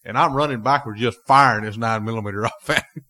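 A man's voice: medium pitch, fast talker, sharp tone. Laughing man telling hunting story. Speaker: guest. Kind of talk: casual storytelling.

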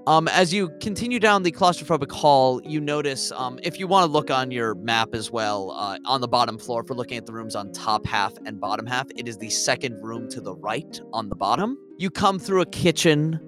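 A man's voice: mid-range voice, a little fast, hardly any pauses, soft background music. A man narrating a tabletop game as game master, describing rooms in detail and calling for dice rolls. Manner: descriptive, lively narration with asides.

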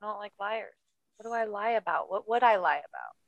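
A woman co-hosting a casual podcast chat, upbeat and blunt, reacting quickly and laughing often. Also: medium pitch, gravelly, muffled recording. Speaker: podcast co-host.

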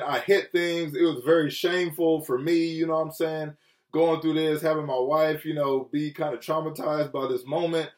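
A man preaching a sermon with earnest feeling, often dropping low and soft and then rising for emphasis. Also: roomy sound, distant mic. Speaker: pastor. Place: Chicago.

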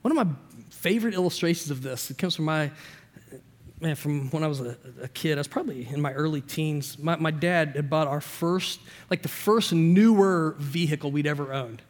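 A man preaching as a pastor, telling a personal story with lively shifts between loud and quiet and acting out the voices in it. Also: on the high side, moderate pace, in a large hall. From Indiana. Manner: animated storyteller, shifting loud and soft, acts out dialogue.

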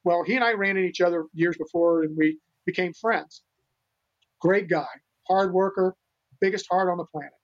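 A high-pitched older American man talks at a moderate pace while guesting on a podcast. In casual interview fashion, he shares rescue stories earnestly but rambles, with many restarts, and his remote recording sounds dull and lo-fi.

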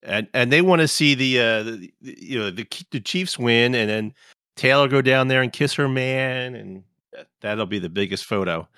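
Bright-voiced rambling male podcaster. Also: mid-range voice, animated, moderate pace, clear, resonant tone, dry recording, clean studio sound. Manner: rambling, joking, lots of restarts. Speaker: podcast co-host. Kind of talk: casual chat.

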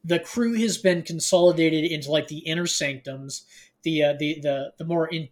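A man co-hosts a podcast, talking through a novel's plot in a loose, filler-heavy way. His voice sits a little high, and he teases his co-host with a dry wit. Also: moderate pace. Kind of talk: casual chat recapping a novel.

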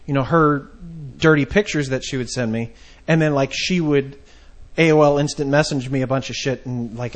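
A man in his thirties hosting a podcast, telling a story in a rambling, halting way with many restarts. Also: mid-range voice. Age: 30s. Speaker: podcast host. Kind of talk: casual podcast chat.

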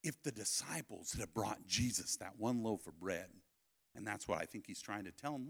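A man preaching a sermon at a family camp, telling a personal story, swinging between loud calls and hushed asides. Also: lowish voice, animated, normal speed, vocal fry, slightly rough.

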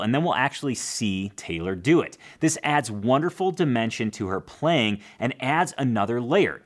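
A man teaching a casual guitar lesson, explaining plainly, counting strum patterns aloud and adding self-deprecating asides. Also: medium pitch.

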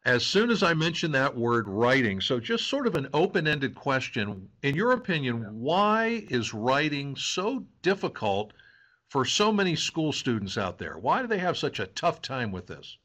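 A man's voice: a little high, big pitch swings, unhurried, fairly bright tone. A casual male podcast host. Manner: casual, conversational. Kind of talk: podcast hosting and interviewing.

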